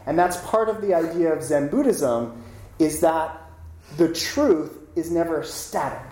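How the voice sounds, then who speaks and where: A lecturer giving a casual talk, telling stories in an animated way and often tossing in "right?" to the listeners. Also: mid-range voice, a little slow. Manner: animated storytelling, frequent "right?" asides. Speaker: lecturer on Buddhism. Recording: roomy room with faint noise.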